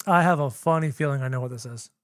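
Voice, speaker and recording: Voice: mid-range voice, quick pace, smooth, no room sound, studio quality. A young adult game streamer doing live gameplay commentary, chatty, talking to chat and repeating phrases while figuring things out.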